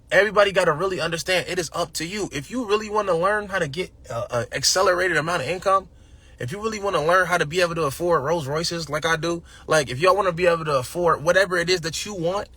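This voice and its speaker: A man's voice: on the high side, fast, pushed and bright, breathy edge, dry recording. A young man giving an emphatic, slangy motivational talk, then chatting casually with a friend. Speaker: host.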